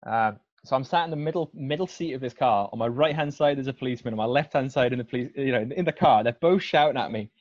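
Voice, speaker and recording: A man's voice: medium pitch, fast, hardly any pauses, a little mellow, no echo. A young man, a podcast guest telling a story in casual, self-deprecating chat. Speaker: guest cyclist. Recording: dry, slightly dull audio.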